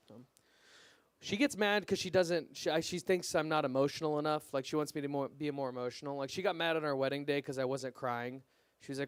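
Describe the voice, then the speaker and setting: A young man performing a stand-up comedy set at an open mic, deadpan and self-deprecating, his punchlines trailing off quietly. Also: on the high side, fast, clean tone, dry recording. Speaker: stand-up comic.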